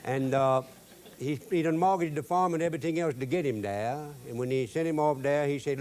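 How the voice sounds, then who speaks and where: A man with a Cajun accent and a rather high, darkish voice speaks a little fast while hosting a cooking show. He drawls and jokes through a folksy demonstration, using homespun talk with broken grammar.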